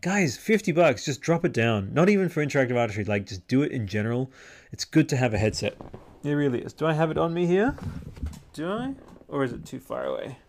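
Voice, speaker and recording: A man's voice: medium pitch, lively intonation, a little fast, vocal fry. Male podcast host, casual rambling chat, restarts a lot, mid-range voice. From Australia. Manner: rambling, chatty, lots of fillers and restarts. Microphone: headset microphone.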